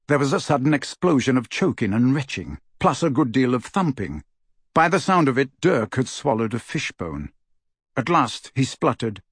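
A man narrating an audiobook in an expressive storytelling manner. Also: medium pitch, moderate pace, husky, no room sound, studio quality.

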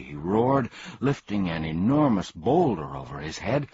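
A man narrating a children's storybook in an expressive, animated way. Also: low-pitched, measured pace, husky. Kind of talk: storybook reading. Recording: dull, dry lo-fi recording.

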